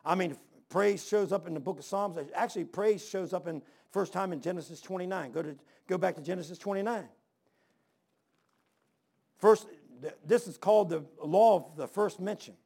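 A man's voice: high voice, moderate pace, vocal fry, warm tone, husky. A middle-aged male pastor preaching a sermon, telling stories and firing rhetorical questions with emphasis.

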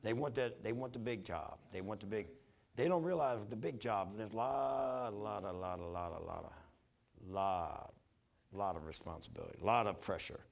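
Male pastor, gravelly and a bit husky, folksy sermon storyteller. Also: fairly low pitch, normal speed. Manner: folksy storytelling with animated retold dialogue.

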